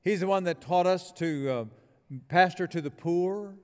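A man's voice: sits high, a little slow, darkish tone, in a large hall. A man preaching a sermon as pastor, emphatic and leading the congregation in call-and-response. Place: church building.

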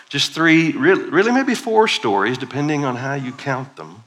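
Bright-voiced preacher, playful. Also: male voice, medium pitch, big pitch swings, normal speed, hardly any pauses. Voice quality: playful, conversational, leads congregation in call-and-response. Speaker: guest preacher. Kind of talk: sermon.

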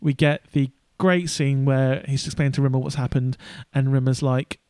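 A man's voice: medium pitch, flat delivery, normal speed, hardly any pauses, darkish tone, smooth, no echo. A man co-hosting a casual podcast, rambling with many fillers and restarts. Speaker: podcast co-host.

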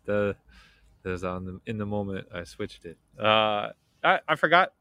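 Low-voiced agreeable podcast man. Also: animated, unhurried, pushed and bright, clear, resonant tone, no room sound. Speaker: podcast co-host. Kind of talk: casual chat.

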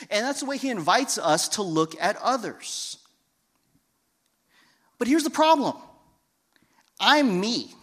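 A man preaching a sermon with a fairly high voice. He tells stories from his own life, dropping to a hush and then rising to loud, emphatic peaks. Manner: storytelling, swings between hushed and loud emphatic. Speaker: pastor.

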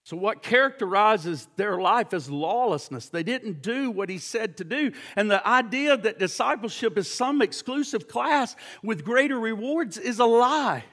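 A man's voice: high-pitched, lively intonation, measured pace, hardly any pauses. A man preaching a sermon, emphatic and pressing, stumbling over repeated words and firing rhetorical questions at his listeners. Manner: shouts at points.

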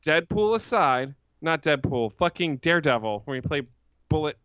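A man's voice: fairly high pitch, sing-song, normal speed, a bit bright, clear, resonant tone, no echo, muffled recording. A man co-hosting a casual movie podcast, talking bluntly, cursing freely and joking. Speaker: podcast co-host.

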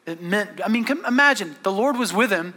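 Man, pastor preaching, high voice, chatty storytelling, restarts. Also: expressive, brisk, pushed and bright. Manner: conversational storytelling with many restarts. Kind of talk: sermon.

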